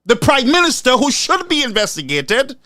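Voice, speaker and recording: A man's voice: extremely high pitch, wildly swooping pitch, moderate pace, sharp tone, no echo, studio quality. A man giving angry, impassioned political commentary, ranting and firing rhetorical questions.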